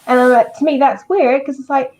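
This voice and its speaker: A woman's voice: high voice, steady tone, a little fast, darkish tone. A woman with a West Country English accent chatting casually on a livestream, laughing often. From England. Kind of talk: casual chat.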